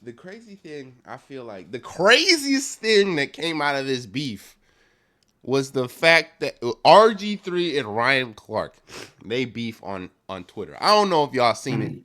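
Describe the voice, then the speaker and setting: A man's voice: mid-range voice, a little slow. A man co-hosting a sports podcast, telling stories in casual chat and swearing freely. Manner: animated storyteller, swears freely. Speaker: podcast co-host.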